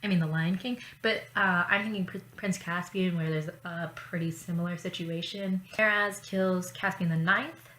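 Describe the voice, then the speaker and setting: Woman vlogger, low-ish pitch, loose and profane, quick asides; roomy room, faint hum behind. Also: steady tone, fairly bright tone. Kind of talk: casual chat. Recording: roomy echo, faint ambience.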